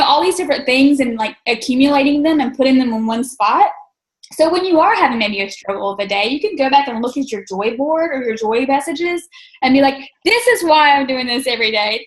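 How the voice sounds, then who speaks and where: A woman with a high voice hosts a casual team video call. She is chatty and upbeat, with plenty of fillers. The sound is roomy and echoey. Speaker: team coach leading a call.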